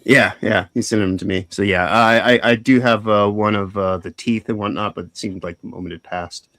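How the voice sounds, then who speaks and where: Low-voiced laid-back co-host man. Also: dry recording. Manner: relaxed, agreeable, halting with fillers. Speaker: livestream co-host. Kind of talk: casual chat.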